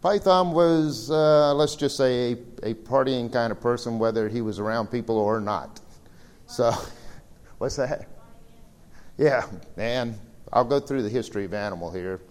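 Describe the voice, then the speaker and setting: A man's voice: lowish voice, normal speed, long pauses, darkish tone. A man giving a slideshow seminar talk, telling stories in a casual, rambling way with fillers. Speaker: seminar presenter. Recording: reverberant hall recording.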